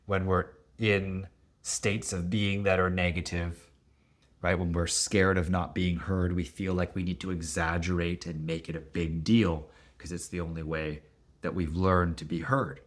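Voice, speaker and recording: A middle-aged man explaining relationship conflict as a coach, lively and expressive, often acting out what partners say. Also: unhurried. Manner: animated, acts out quoted voices with big pitch jumps. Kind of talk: teaching talk to camera.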